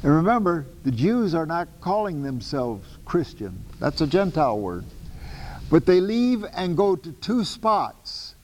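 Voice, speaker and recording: A man giving a lecture on the Bible to a class, talking in an animated, emphatic way with casual asides and self-corrections. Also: fairly high pitch, measured pace, big-room sound, rough recording. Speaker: Bible teacher.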